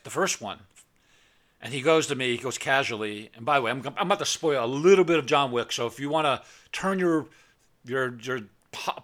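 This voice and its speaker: A man's voice: medium pitch, pushed and bright. A middle-aged man hosting a podcast, ranting bluntly and stumbling over repeated words as he acts out arguments. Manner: acts out both sides of arguments in a raised voice. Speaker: podcast host. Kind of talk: unscripted rant.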